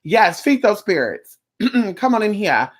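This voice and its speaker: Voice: mid-range voice, very animated, husky. A live streamer chatting casually with viewers, sassy and campy, calling them girl and honey, swearing freely and rambling from topic to topic. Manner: sassy, campy, drawn-out endearments, frequent profanity.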